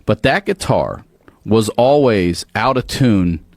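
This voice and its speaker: Animated low-voiced man telling stories. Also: slow pace, no room sound. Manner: profane, animated storytelling with restarts. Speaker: guest. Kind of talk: casual storytelling.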